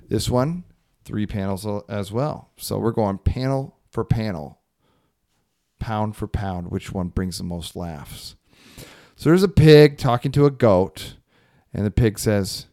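A man's voice: lowish voice, measured pace, dark tone. A man co-hosting a casual podcast, joking around and reading comic strips aloud. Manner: wry, jokey, reads comic strips aloud. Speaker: podcast co-host. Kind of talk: casual chat.

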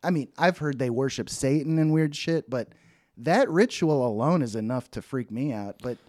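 A man's voice: medium pitch, animated, normal speed, darkish tone, dry recording. Rambling, laughing man on a dry mic. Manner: rambling, laughs often, trails off and restarts. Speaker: podcast co-host. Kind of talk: casual chat.

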